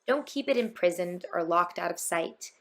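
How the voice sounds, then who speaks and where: A woman's voice: fairly low pitch, lively intonation, moderate pace, creaky. A woman narrating a rhyming children's storybook in a lilting, rhythmic reading.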